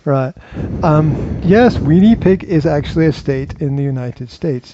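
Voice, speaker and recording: A man's voice: on the high side, unhurried, hardly any pauses, lo-fi sound, noisy background. A Scottish man hosting a podcast in playful, casual chat, joking and slipping into accents. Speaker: podcast host.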